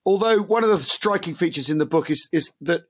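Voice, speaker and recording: A man hosting a casual history podcast, chatty and lively, laughing easily as he talks. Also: fairly high pitch, a little fast. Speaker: podcast host.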